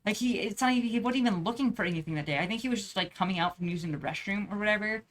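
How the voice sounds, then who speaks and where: This young woman's vlog is a meandering personal story delivered rapid-fire at medium pitch. She peppers it with frequent swearing, lots of slang, and filler words.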